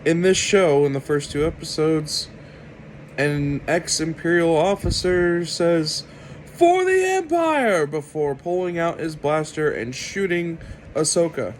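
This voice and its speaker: A man delivering an opinionated commentary rant to his viewers, sarcastic and deliberate. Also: fairly high pitch, steady tone, a little hiss or hum, low-quality recording. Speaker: video commentator.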